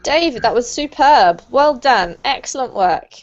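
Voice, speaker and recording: A woman's voice: sits high, expressive, measured pace, soft background music. A woman teaching English pronunciation to an online group class, encouraging and praising her students. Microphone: video call. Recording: muffled lo-fi video call audio.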